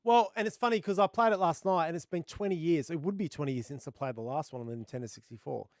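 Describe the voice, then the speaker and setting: A man co-hosting a gaming podcast in casual, jokey chat, laughing often, his voice a little rough from the laughter. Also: fairly high pitch, fast talker, no echo, studio quality. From Australia. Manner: jokey, laughs often, bloke-ish banter. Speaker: podcast co-host.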